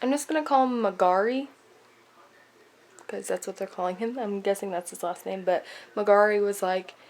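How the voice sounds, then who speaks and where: A woman's voice: medium pitch, moderate pace. A young woman chatting casually about a novel she is reading, giggling often and filling her talk with "like". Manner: giggly, gushing, lots of filler likes. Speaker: book vlogger. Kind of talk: casual chat retelling a book.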